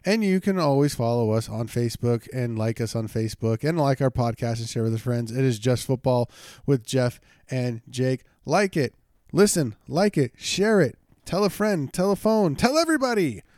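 Upbeat, hyped-up young podcast host. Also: male voice, mid-range voice, expressive, normal speed, darkish tone, no echo, studio quality. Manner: jokey, hype-driven, repeats himself. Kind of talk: casual sports podcast chat.

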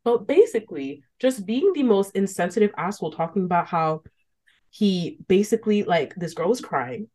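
A woman's voice: mid-range voice, normal speed. Candid young woman podcast co-host. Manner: candid, animated, ranting with laughs. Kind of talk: casual podcast chat.

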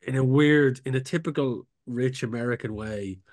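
A man co-hosting a casual podcast chat. He rambles through long stories, packing them with ums and sweary asides, in a mid-pitched voice. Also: moderate pace. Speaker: podcast co-host.

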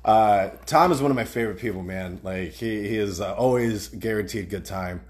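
Male podcast host, casual and profane, quick with banter. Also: fairly low pitch, a little mellow. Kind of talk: casual chat.

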